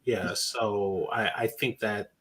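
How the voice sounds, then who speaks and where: A man who is a guest on a casual podcast, talking in a hesitant, halting way with many fillers. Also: on the low side, steady tone, a loud crowd. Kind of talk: casual chat.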